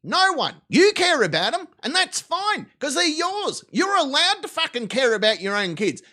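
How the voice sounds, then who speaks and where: A man's voice: very high voice, very animated, moderate pace, pushed and bright. A man with an Australian accent hosting a live stream, giving crude, rambling, swaggering commentary on videos.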